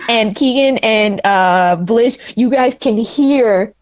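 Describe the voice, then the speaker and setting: A woman game master narrating a tabletop game, chatty and often laughing. Her voice sits fairly high, with a light hiss under it. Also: slow. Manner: giggly, animated, chatty.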